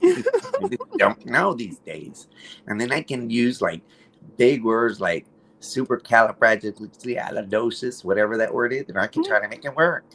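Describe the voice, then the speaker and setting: A man with a deep, low groaning voice and a Mexican-American accent, chatting and joking in a laid-back drawl as a stream guest. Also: animated, moderate pace, fairly bright tone, a little hiss or hum. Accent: Mexican-American English. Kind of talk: casual joking banter.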